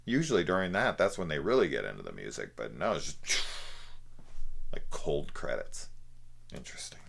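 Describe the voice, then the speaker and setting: A man's voice: rumbling low, animated, normal speed, creaky, a bit bright, slightly rough. A young man casually reviewing a film, rambling, swearing freely and laughing at how silly it is. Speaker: movie reviewer.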